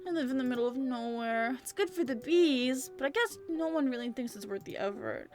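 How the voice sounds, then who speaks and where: A buzzy-voiced male troll, round and desperate for friends, pours out apologies in a high, eager voice, as a woman reads him out. He swings from thrilled to mopey in a lively, sing-song way. Soft music plays behind him. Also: fairly quick. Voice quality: buzzy accent. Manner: over-apologetic, gushing, then sulky. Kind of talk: reading visual novel dialogue aloud.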